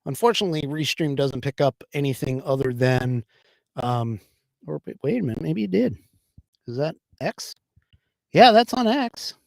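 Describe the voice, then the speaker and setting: A man's voice: fairly high pitch, expressive, normal speed, creaky, a little mellow, no room sound, studio quality. A man from the United States hosting a livestream political podcast, talking casually and rambling with many fillers and restarts. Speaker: podcast host.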